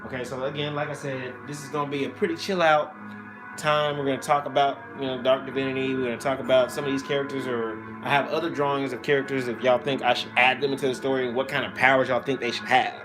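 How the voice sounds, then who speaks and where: A man's voice: medium pitch, level tone, quick pace, over music. A man hosting a casual livestream, teasing and joking with his chat viewers and talking into an iPhone on a selfie stick. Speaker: streamer hosting his own channel.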